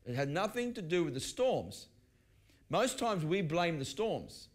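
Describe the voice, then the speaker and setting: A man's voice: on the high side, big pitch swings, measured pace. A middle-aged man preaching a sermon, conversational, often restarting his sentences as he tells personal stories. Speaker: pastor. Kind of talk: sermon teaching.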